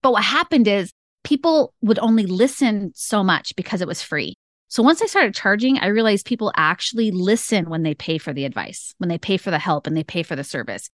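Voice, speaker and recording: A woman's voice: mid-range voice, animated, fairly quick, dry recording, clean studio sound. A middle-aged woman speaking as a podcast guest, blunt and upbeat, laughing often. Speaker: guest, ad consultant. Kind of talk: casual podcast interview.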